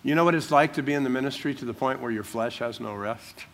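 A man, a pastor preaching a sermon and teaching through a passage verse by verse, breaking into small acted-out scenes in softer voices. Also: mid-range voice, fast. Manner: animated, acts out little scenes in dropped voices.

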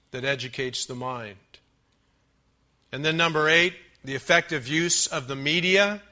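A pastor delivers a sermon in a slightly high, sharp-toned voice, laying out numbered points with emphasis. He slows down on key words and slips in dry asides.

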